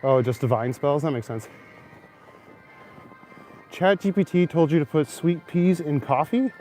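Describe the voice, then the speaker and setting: A man's voice: fairly high pitch, lively intonation, unhurried, dark tone, soft background music. A young man hosting a casual live stream while walking snowy city streets at night, chatting and answering viewers' comments. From Canada. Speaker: livestream host. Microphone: phone camera, held while walking.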